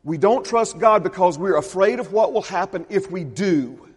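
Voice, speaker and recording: Man, pastor, high voice, emphatic sermon, repeats phrases, long church-hall reverb. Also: animated, normal speed, slightly rough. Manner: emphatic preaching, repeats phrases, drops to a hush.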